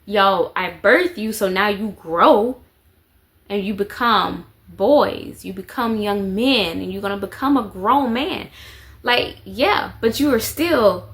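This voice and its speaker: A woman's voice: medium pitch, a bit bright. A woman, telling a story to the camera in a chatty way and repeating phrases for emphasis. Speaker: vlogger, mother of four.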